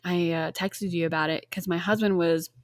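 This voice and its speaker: A woman's voice: fairly low pitch, steady tone, moderate pace, no echo. Young woman, hesitant rambling podcast talk, dry close recording. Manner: rambling, hesitant, with "um" and "you know". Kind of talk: casual chat.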